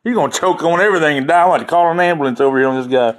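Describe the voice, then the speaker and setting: A man's voice: a little high, very fast. A man hosting a casual livestream, joking and rambling with his viewers and laughing often. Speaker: livestream host chatting with viewers.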